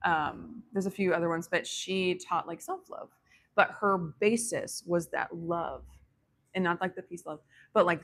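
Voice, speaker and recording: A woman's voice: lowish voice, creaky, fairly bright tone. A woman telling a personal story in a casual, rambling way, full of fillers and restarts, reflective and spiritual in tone. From grew up on a ranch.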